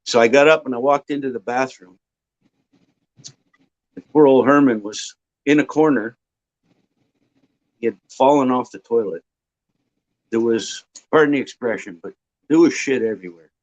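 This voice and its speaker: A man from Ontario, a guest casually telling a long, rambling anecdote with filler pauses. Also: medium pitch. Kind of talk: casual storytelling. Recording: dull lo-fi audio.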